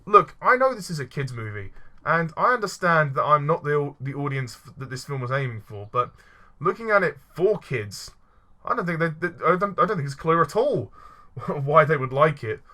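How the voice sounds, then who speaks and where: A man rants his way through a film review with a bright, forceful voice. He sounds fed up, swears freely and keeps stumbling and restarting his sentences. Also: a little high, big pitch swings, normal speed. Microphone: voice-only recording.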